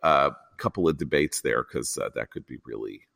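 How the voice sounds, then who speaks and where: A man hosting a political podcast, talking in a rambling, animated way that keeps breaking off and restarting. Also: a bass voice, moderate pace, vocal fry. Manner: rambling, animated, self-interrupting. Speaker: podcast host. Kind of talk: political discussion.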